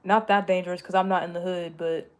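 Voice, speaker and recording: A young American woman chats casually with viewers, answering them in a fairly low, darkish voice that's level and fast. She rambles, corrects herself, and jokes often, laughing along the way.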